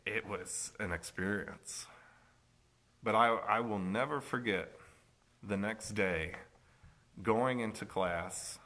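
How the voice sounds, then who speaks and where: A man's voice: sits low, bright, forceful tone. A middle-aged male pastor preaching a sermon, telling a reflective personal story with self-deprecating humor.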